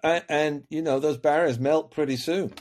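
A man's voice: fairly high pitch, steady tone, normal speed, darkish tone. A man talking as a coaching guest on a podcast, earnest and reflective, often repeating words while he finds his point. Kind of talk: podcast conversation.

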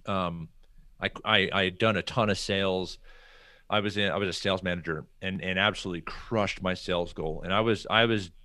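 A middle-aged American man with a low voice tells a story as a podcast guest, animated and acting out the conversations. The recording is dry and close. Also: brisk, no room sound. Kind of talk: casual storytelling interview.

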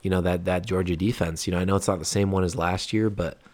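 A man's voice: low voice, fairly even intonation, fast, a little mellow. A man co-hosting a podcast, chatting casually about college football in a laid-back way, hedging with lots of fillers. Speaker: podcast co-host. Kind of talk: casual sports chat.

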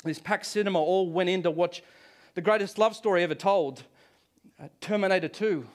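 Joking pastor, higher voice. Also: male voice, moderate pace. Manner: storytelling, jokey, chuckles often. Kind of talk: Good Friday sermon. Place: church before a congregation.

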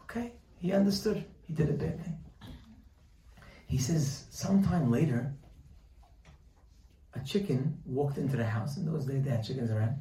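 A man giving a Torah lesson, telling a story with lively quoted voices. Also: a little high, moderate pace, long pauses, reverberant, distant mic, poor audio. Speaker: Torah teacher. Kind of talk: sermon with storytelling.

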